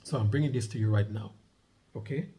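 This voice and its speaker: A middle-aged man vlogs while reading a news article aloud, breaking off to comment and emphatically repeating key points. He asks listeners to underline words. His voice is fairly low and warm, and he speaks fairly quickly.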